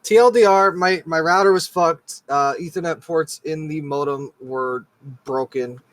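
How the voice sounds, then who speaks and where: Male podcast co-host with a dry close sound, animated and exasperated storytelling, curses freely. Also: a little high, a little slow, no room sound. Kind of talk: casual chat.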